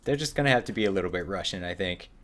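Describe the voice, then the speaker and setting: A man's voice: deep voice, expressive, racing, a bit bright. A young man chatting casually while streaming a game live, joking with his viewers and sometimes putting on a playful accent for the characters. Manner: joking, chatty, voices quest characters in a put-on Scottish-style accent.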